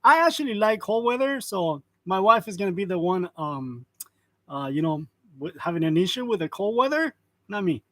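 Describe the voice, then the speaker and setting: A man in his forties chats casually on a live stream, calling out viewers by name and laughing lightly as he goes. His voice sits fairly high for a man. The sound is dry and close, as from a clip-on mic. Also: lively intonation, moderate pace, pushed and bright, no echo. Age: 40s. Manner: greets viewers by name, chuckles often. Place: print shop. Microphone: wireless lavalier.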